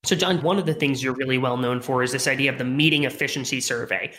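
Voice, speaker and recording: Bright-voiced man asking questions. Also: mid-range voice, quick pace, slight background noise. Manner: asks questions, conversational. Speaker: podcast co-host. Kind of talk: casual podcast interview.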